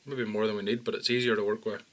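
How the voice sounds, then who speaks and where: A man calmly talking through fly-tying steps as an instructor, often dropping low and quiet. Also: quick pace. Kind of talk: step-by-step tutorial narration.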